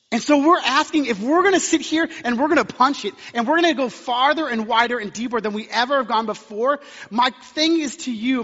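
A man's voice: sits high, fairly bright tone. A young man preaching a sermon as pastor in a church, casual and conversational with self-deprecating humor and storytelling. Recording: muffled audio with long hall reverb.

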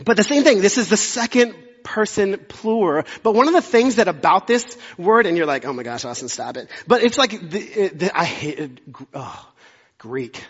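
A man's voice: high-pitched, lively intonation, normal speed, slightly rough. A young man, a pastor preaching a conversational, self-deprecating sermon with jokey asides. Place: church sanctuary. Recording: dull sound with long hall reverb.

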